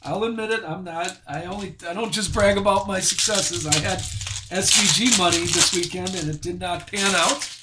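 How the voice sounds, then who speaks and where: A man's voice: high voice, normal speed, heavy background noise. A man hosting a live sports card break, chatty and self-deprecating as he reads out each card he pulls.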